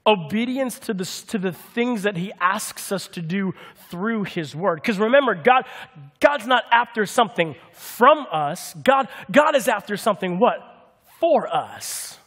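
Male pastor, high voice, playful sermon with call-and-response, long hall reverb. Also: unhurried, breathy edge. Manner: lively, humorous, calls out to the congregation for answers.

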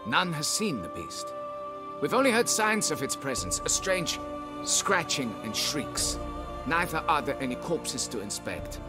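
A haughty, pompous nobleman in a video game, his voice rising and falling with lively, mannered inflection. He talks down to the listener and insists on proper respect. Game music plays steadily under the lines. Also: fairly high pitch, unhurried. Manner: pompous, demanding deference. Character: pompous haughty male nobleman, vineyard owner. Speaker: nobleman hiring a witcher.

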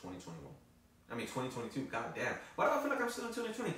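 A man's voice: medium pitch, huge pitch swings, very fast, fairly bright tone. A man telling a story in a loose, profane, casual vlog style. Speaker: vlogger. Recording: echoey, from far off the mic.

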